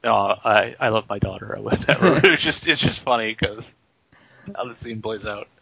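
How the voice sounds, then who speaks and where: A man's voice: on the low side, moderate pace, creaky, bright, forceful tone, dull audio. A man co-hosting a casual movie podcast, throwing in dry wisecracks and asides. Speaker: podcast co-host.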